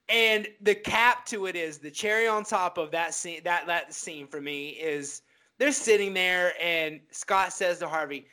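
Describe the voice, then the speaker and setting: Bright high-voiced man chatting about films. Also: measured pace, smooth. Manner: enthusiastic, recounts scenes in detail. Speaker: podcast co-host. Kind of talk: casual film discussion.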